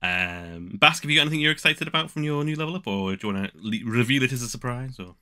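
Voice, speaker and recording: A man's voice: mid-range voice, expressive, fast talker, bright, forceful tone. A man running a tabletop game as game master, rambling with stammering restarts.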